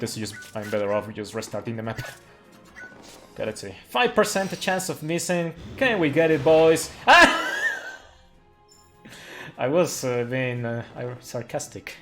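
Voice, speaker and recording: A man giving casual live commentary on his speedrun of a game, chatty, full of fillers and quick laughs. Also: fairly low pitch. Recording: faint music behind. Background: faint game music.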